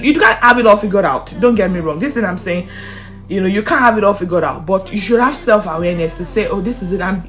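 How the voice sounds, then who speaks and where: A young woman vlogger telling a personal story in casual, animated chat, often breaking into laughter. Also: mid-range voice. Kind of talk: casual chatty storytelling to camera.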